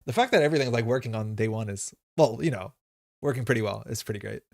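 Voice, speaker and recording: Guy streaming a card game, mid pitch, dry close sound, thinking out loud with lots of uhs. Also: quick pace, vocal fry, no room sound. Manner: thinking aloud, casual, with frequent fillers. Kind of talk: live gameplay commentary.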